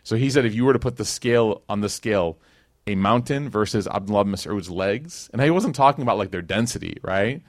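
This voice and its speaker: A man's voice: fairly low pitch, expressive, brisk, no room sound, studio quality. A man from Chicago teaching a conversational sermon, telling stories with slang and acted-out quotes. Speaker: Islamic teacher. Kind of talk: casual sermon.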